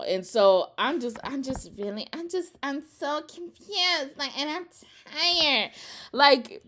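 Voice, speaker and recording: A woman's voice: medium pitch, fairly bright tone. A young woman in a casual, profane rant reacting to a TV show, sassy and exasperated.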